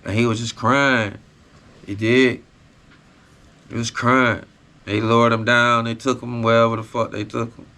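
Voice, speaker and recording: Bright-voiced man telling a prison story. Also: mid-range voice, level tone, unhurried, long pauses. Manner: raw, profane street storytelling with repeated tag phrases. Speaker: podcast host. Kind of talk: casual storytelling.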